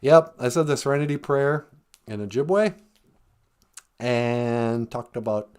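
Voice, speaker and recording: Male live-stream host, easygoing teacher; slow delivery, lively pitch. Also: clear, resonant tone. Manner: unhurried, musing, chuckles often. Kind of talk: casual live-stream chat.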